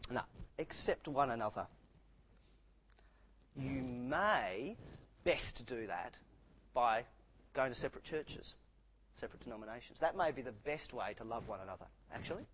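A man's voice: medium pitch, lively intonation, normal speed, long pauses, fairly bright tone, slight background noise, poor audio. A man preaching a sermon in a church, earnest and emphatic, often repeating words to stress a point.

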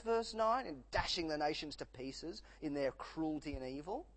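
A man preaching a sermon, emphatic, dropping low and rising again for effect. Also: lively intonation, moderate pace, hardly any pauses, a bit bright, rough recording.

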